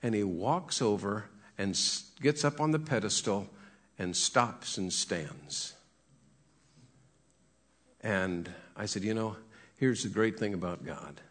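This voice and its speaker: A man's voice: on the low side, animated, takes it slowly, pauses often, fairly bright tone. A middle-aged man, a horse trainer and cowboy preacher, telling folksy stories about horses and acting out what they think. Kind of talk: folksy storytelling with a sermon message.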